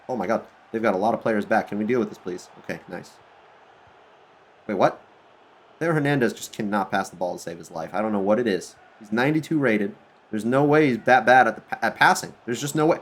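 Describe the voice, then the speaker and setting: Man, gaming commentary, excitable, yells at his players, mid-pitched voice. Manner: excitable, shouts at players, swings from groans to outbursts. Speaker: gaming YouTuber. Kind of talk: live commentary over a football video game.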